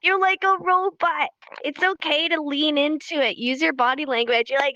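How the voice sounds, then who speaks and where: A young woman teaching sign language on a live stream, chatty and animated, repeating herself for emphasis. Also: sits high, moderate pace, no room sound, muffled recording.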